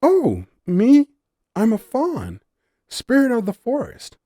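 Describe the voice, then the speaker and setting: A man's voice: extremely high pitch, wildly swooping pitch, slow, dark tone, dry recording, clean studio sound, voice pushed up, exaggerated voice. A man voicing a curious, bubbly young female forest fawn spirit in an audiobook story, eager and wide-eyed.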